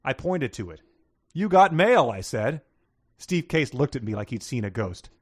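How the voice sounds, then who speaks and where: A man's voice: medium pitch, animated, normal speed, breathy edge, dry recording, studio quality. A man co-hosting a comedy podcast, reading book passages aloud in a folksy Southern-style drawl and chuckling at them. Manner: reads in a folksy drawl, laughing at the text. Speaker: podcast co-host.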